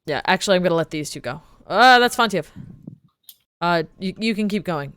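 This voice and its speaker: A woman at a tabletop game with a notably low pitch and a smooth, clear voice. The sound is dry and close. She talks casually and steers the party's moves. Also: quick pace, dry recording. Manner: chatty, directing the party, laughs often. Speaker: player.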